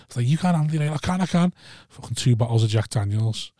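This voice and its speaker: A man's voice: medium pitch, expressive, fast, warm tone. A man in his thirties hosting a podcast, telling rowdy stories in casual chat and swearing freely. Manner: swears a lot, tells stories acting out others' lines. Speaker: podcast host.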